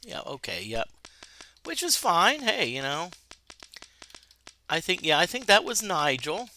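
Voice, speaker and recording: A man's voice: high voice, big pitch swings, measured pace, bright, forceful tone, a little hiss or hum. A man streaming a video game, chatting casually and reading its text aloud. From United States. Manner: talkative, restarts, reads game text aloud.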